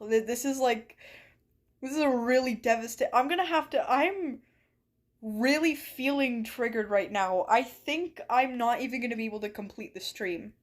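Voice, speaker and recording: A woman's voice: a little high, normal speed. A woman streaming a game from her bedroom, chatting with viewers in a playful, mock-dramatic way. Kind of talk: live-stream chat while gaming. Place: bedroom at home.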